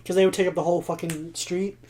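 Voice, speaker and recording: A young man co-hosting a podcast in casual chat, telling lively stories, swearing freely and laughing often. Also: high voice, fast talker. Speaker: podcast co-host.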